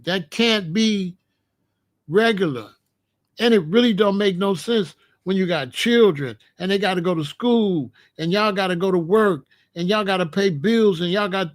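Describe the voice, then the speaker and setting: A man's voice: high-pitched, measured pace. A man hosting a casual talk show and giving blunt, joking advice on marriage, acting out little scenes as he goes. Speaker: host.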